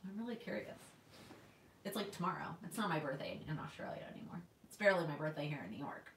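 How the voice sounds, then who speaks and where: A woman's voice: deep voice, lively intonation, quick pace, a bit bright, echoey room, distant mic, slight background noise. A woman in her twenties from Texas, chatting casually on a livestream and reading out viewer comments. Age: 20s. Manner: chatty, reads viewer comments aloud, restarts often. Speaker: planner vlogger. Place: home in New York.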